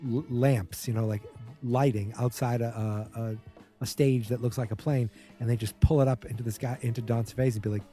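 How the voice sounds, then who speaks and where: A man's voice: medium pitch, steady tone, a little fast, dark tone, faint music behind. A man hosting a podcast, casually recapping a TV episode in a chatty, wry way and mimicking the characters' lines. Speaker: podcast host.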